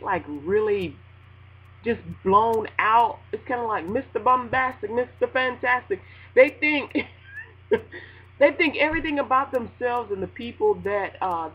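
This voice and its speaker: A woman radio host ranting casually to her listeners, animated and laughing, acting out a phone call in a high voice. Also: slightly rough. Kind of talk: casual spoken rant.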